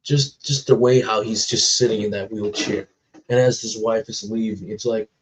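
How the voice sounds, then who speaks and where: A man's voice: lowish voice, fairly even intonation, a little hiss or hum. A man chatting casually about films, talking in an earnest, emotional way and drawing out his words. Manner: earnest, emotional, drawn-out phrasing. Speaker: co-host of a movie reaction channel. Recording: dull lo-fi recording.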